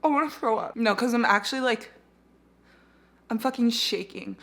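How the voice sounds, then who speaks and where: A young woman reacting to the book she is reading, bright and a touch high in pitch. She swings between shock, outrage and heartbreak, swearing freely and gasping or laughing as she goes. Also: normal speed, gravelly. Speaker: book vlogger.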